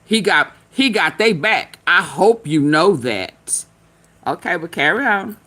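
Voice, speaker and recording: A woman's voice: on the low side, animated, a little slow, bright, forceful tone. A woman hosting a casual commentary show, sassy and teasing, laughing as she talks. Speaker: host.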